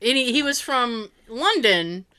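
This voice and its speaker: A woman telling a travel story on a casual chat podcast, animated, swearing freely and laughing often. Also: on the high side, measured pace, smooth.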